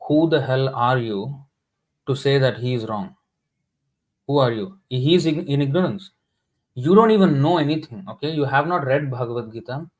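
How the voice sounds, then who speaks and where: A man's voice: medium pitch, normal speed, rough recording. A man giving a sermon in an indignant, scolding, emphatic manner. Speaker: scripture class speaker.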